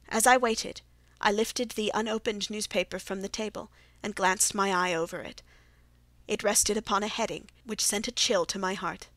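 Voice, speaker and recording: A woman narrating a classic detective audiobook in a steady, even storytelling manner. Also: mid-range voice, normal speed, no room sound. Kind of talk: scripted narration.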